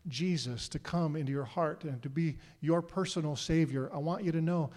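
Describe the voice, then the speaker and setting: A middle-aged pastor with a fairly high voice preaches to his congregation, earnest and direct, often turning statements into questions for the room. His words ring out with a long reverb from the church hall around him. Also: normal speed, a little mellow. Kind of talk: sermon. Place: church sanctuary.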